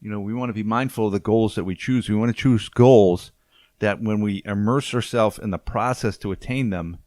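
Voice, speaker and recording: A man's voice: on the low side, brisk, a little mellow, dry recording. A man with a Boston accent hosting a casual podcast, talking reflectively and summing up ideas with easy laughs. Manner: reflective, wraps up with summaries, laughs easily. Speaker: podcast host.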